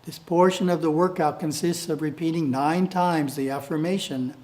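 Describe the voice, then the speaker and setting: Guy with a fairly high voice, calm and measured, reading out spiritual how-to steps. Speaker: publisher reading his editorial. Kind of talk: scripted spiritual instruction.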